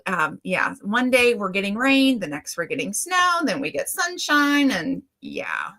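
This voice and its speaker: A middle-aged woman hosts a casual livestream, chatting and greeting viewers by name. Her voice is high-pitched with a fairly bright tone.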